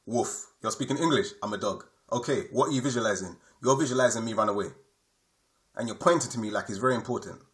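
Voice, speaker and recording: A man voicing a male pet dog who reasons calmly and plainly in a slightly lower, quieter voice. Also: fast, close to an everyday voice. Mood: deadpan.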